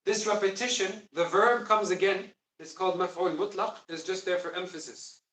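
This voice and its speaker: A man with a fairly high voice teaches a lesson, pressing his points with emphasis and asking the class questions. He is recorded from across an echoey classroom. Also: steady tone, quick pace, fairly bright tone. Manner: emphatic, quizzes students. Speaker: Quran teacher. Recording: echoey room, distant mic.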